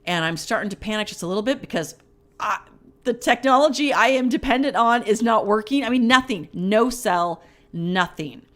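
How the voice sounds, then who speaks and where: A woman's voice: a little high, expressive, normal speed, fairly bright tone. A middle-aged woman co-hosting a podcast, telling a story in casual chat and acting out her own panicked quotes. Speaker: podcast co-host.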